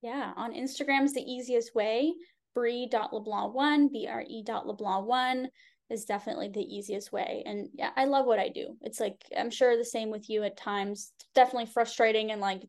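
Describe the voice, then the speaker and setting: A woman business coach speaking as a podcast guest in a relaxed, candid way, with many casual fillers. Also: a little high, fairly quick. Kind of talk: casual chat.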